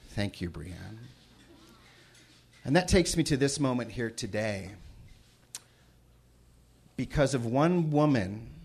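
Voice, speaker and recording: A middle-aged man telling a personal story to a live audience, moving from hushed asides to loud dramatic moments. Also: fairly low pitch, gravelly, breathy edge. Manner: shifts from hushed asides to loud shouted reading. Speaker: storyteller on stage. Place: stage before a live audience.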